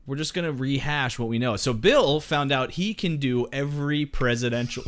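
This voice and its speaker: A man's voice: medium pitch, normal speed, a bit bright. Laid-back young man co-host. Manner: laid-back, feeds prompts, laughs along. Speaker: comedy podcast co-host. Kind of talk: improvised comedy banter.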